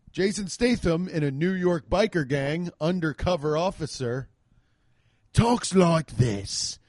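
Guy with a kinda high voice venting about a bad movie, sarcastic, swears a lot, dry close sound. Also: darkish tone, no room sound. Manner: sarcastic, profane, exasperated storytelling. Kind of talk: casual comedic movie rant.

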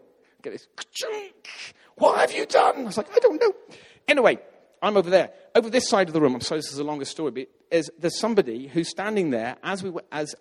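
A man telling a story in a sermon, lively and acting out the voices of the people in it. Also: medium pitch. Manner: animated, acts out quoted voices. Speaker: preacher. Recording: long hall reverb.

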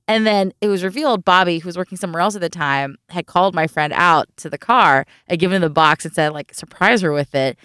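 A woman co-hosting a podcast, telling stories in a lively way and acting out what people said. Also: on the low side, fast, few pauses, clear, resonant tone, dry recording, studio quality. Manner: animated storyteller acting out quotes. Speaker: podcast co-host. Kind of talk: casual chat.

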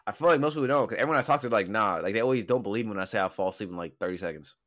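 A man's voice: on the low side, racing, a bit bright. A young man chatting casually as a podcast co-host, blunt and teasing, with lots of profanity. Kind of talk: casual chat.

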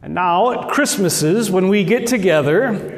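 A Midwestern man from Nebraska, with a slight North Dakota tinge, preaching a sermon as pastor in slow, deliberate phrases with dramatic pauses. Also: high voice, expressive. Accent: Midwestern with a trace of North Dakota. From Nebraska, USA. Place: church sanctuary. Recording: echoey church hall.

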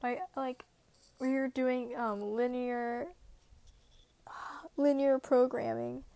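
Anxious rambling teen girl with vocal fry. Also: a little high, steady tone, slow pace, dark tone, dry recording. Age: late teens. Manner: self-deprecating, anxious, laughs often. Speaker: vlogger. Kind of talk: casual rambling monologue.

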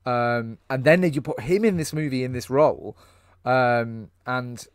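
A man's voice: mid-range voice, unhurried, clear, resonant tone, no echo, studio quality. A man co-hosting a casual film review podcast, speaking in an easygoing, rambling way and laughing often. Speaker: podcast co-host.

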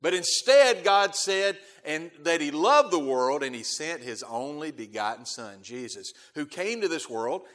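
A man preaching a sermon as pastor, emphatic, repeating key phrases and swelling loud on key words before dropping to quiet asides. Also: a little high, sing-song, unhurried, hardly any pauses. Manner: emphatic, repeats key phrases, quotes scripture in King James wording.

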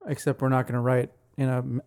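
A man's voice: mid-range voice, little pitch movement, quick pace, darkish tone. Easygoing man co-hosting a podcast. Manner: easygoing, joking. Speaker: podcast co-host. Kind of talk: casual chat.

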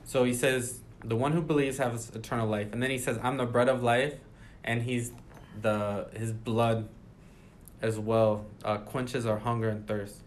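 A man with a mid-range voice leads a casual Bible study, reading scripture aloud and then explaining it in his own conversational words. He speaks in a steady, unhurried tone, with slight background noise behind him.

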